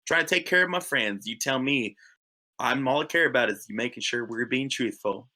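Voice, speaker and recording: A man's voice: mid-range voice, animated, fairly quick, sharp tone. A man doing a pushy middle-aged halfling woman. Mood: coaxing. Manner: calls people sweetheart, coaxing then firm. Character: 45-year-old female halfling, pushy and intimidating.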